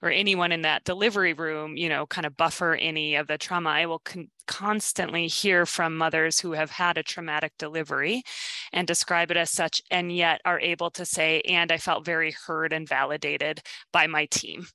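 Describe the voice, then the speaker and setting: A psychiatrist with a bright, crisp-toned voice, recorded close and dry over a video call. The delivery is thoughtful and hesitant, with frequent fillers. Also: mid-range voice, fairly even intonation, fairly quick, no room sound. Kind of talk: clinical teaching discussion.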